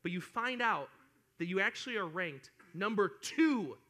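Bright, animated young male youth preacher. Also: high voice, normal speed. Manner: animated, acts out whiny kids. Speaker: youth pastor. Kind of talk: sermon to students.

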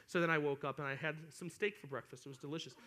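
A young man preaching to students, casual and animated, acting out whiny children as he speaks. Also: a little high, fast. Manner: animated, acts out whiny kids. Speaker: youth pastor. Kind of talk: sermon to students.

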